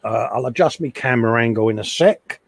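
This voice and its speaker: A man's voice: mid-range voice, fairly quick, vocal fry. A middle-aged man hosting a casual live chat from his hobby workshop, chatty and self-mocking, often laughing at himself. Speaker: livestream host. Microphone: desk microphone.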